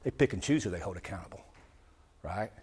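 A man's voice: expressive, fast talker, husky. Fired-up man speaking in a reverberant hall. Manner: emphatic, swings from loud outbursts to low asides. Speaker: public speaker addressing a live audience. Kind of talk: impassioned speech to a crowd.

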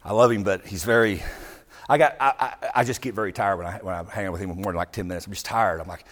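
A man giving an impassioned speech to a live audience, talking emphatically and swinging from loud outbursts to low asides. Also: quick pace. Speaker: public speaker addressing a live audience. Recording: long hall reverb.

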